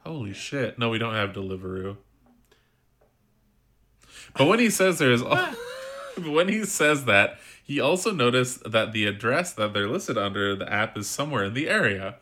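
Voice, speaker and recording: A man's voice: mid-range voice, very animated, normal speed, bright, forceful tone. A man co-hosting a podcast, chatting casually and reading a listener's letter aloud. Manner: laid-back, chatty, swears casually. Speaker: podcast co-host.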